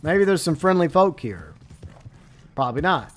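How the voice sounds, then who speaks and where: A man's voice: on the high side, sing-song, normal speed. A man streaming a game live, joking in a mock-sentimental way and breaking into outraged exclamations. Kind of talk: live gameplay commentary.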